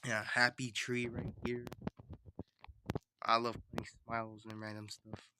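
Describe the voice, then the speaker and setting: A man chats casually on a livestream while he draws. He rambles and talks to himself. His voice sits at an ordinary middle pitch. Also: monotone, unhurried, noisy background. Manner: rambling, chatty self-talk. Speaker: streamer.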